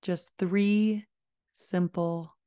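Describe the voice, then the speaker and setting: A woman giving a parenting lesson, talking in a calm, deliberate way and modeling slow, low phrases. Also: smooth. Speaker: parenting educator. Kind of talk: instructional talk to camera.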